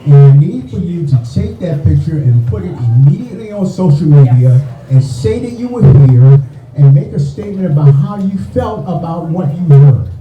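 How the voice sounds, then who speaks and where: A man's voice: fairly high pitch, lively intonation, moderate pace, muffled recording, soft background music. A man hosting an indoor reception who speaks to the guests with a rallying, joking manner. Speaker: event host. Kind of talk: speech to a crowd. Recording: echoey room, distant mic, crowd noise.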